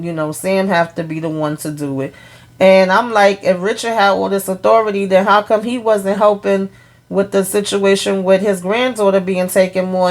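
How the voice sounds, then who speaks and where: A woman's voice: lowish voice, darkish tone. A woman casually recapping a TV episode, chatty and full of fillers, retelling scenes line by line. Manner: forgetful of names, laughs at herself. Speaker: TV recap vlogger.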